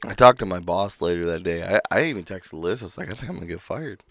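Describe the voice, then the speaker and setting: A man co-hosting a casual podcast, telling a workplace story with lots of swearing and acting out a coworker's yelling. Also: deep voice, lively intonation, fast, dry recording. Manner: swears freely. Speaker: podcast co-host.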